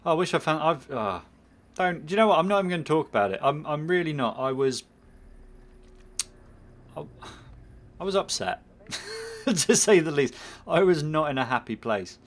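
A gaming channel host with a slightly high, lively voice commentates his own let's play at a normal speed, with long pauses. He rambles, mocks himself and mutters at the game while playing.

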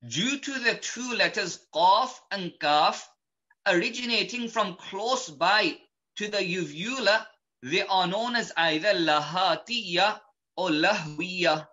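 A man teaching pronunciation in a slow, methodical lesson, patiently repeating each point. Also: sits high, bright, forceful tone, muffled recording. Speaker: Quran recitation teacher.

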